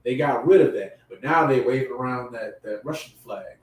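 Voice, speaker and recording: A man preaching a sermon in casual slang, growing impassioned and loud at his emphatic peaks. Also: mid-range voice, normal speed. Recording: echoey room from far off.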